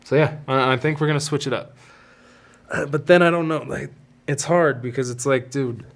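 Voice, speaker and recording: A man's voice: mid-range voice, normal speed, creaky. A man hosting his podcast, telling personal stories in a candid, rambling way with frequent restarts. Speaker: podcast host. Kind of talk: casual storytelling.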